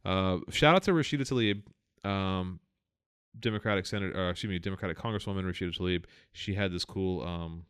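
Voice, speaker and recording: Low-voiced man ranting on a podcast. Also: fairly quick, clean tone, no room sound, clean studio sound. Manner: rambling, profane, many fillers and restarts. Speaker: podcast co-host. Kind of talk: casual political chat.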